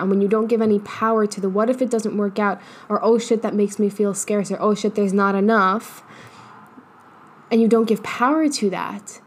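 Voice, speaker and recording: A woman's voice: mid-range voice, a little mellow. A woman hosting her own podcast as a business coach, talking candidly in a casual monologue, swearing often and laughing as she goes. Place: building in a big open area with trees and hills. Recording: faint background noise.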